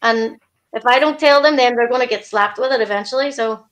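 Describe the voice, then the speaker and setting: A woman's voice: on the high side, fairly quick, fairly bright tone. A woman and mother, chatting casually on a live stream and laughing often. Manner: laughs a lot.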